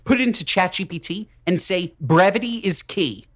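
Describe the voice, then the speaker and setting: A male co-host banters and hands out advice in a wry, teasing tone. His pitch swoops widely as he drives his points home with repetition. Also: lively intonation, normal speed, a bit bright. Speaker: podcast co-host. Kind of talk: casual banter giving advice.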